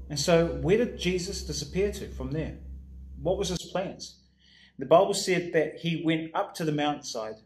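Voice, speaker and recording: A man pastor giving a recorded sermon in a warm, conversational preaching manner that drops soft in prayer. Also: a little high, reverberant.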